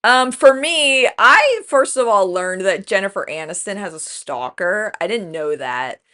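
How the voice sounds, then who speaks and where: A woman's voice: mid-range voice, big pitch swings, unhurried, sharp tone. Chatty giggly woman co-hosting. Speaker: podcast co-host. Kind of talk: casual chat.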